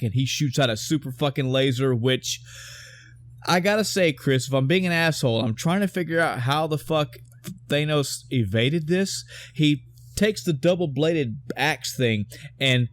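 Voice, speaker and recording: A man's voice: medium pitch, a little slow, no echo. A man co-hosting a podcast, recapping a film in a rambling, profane, casual way and often mixing up names. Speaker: podcast co-host.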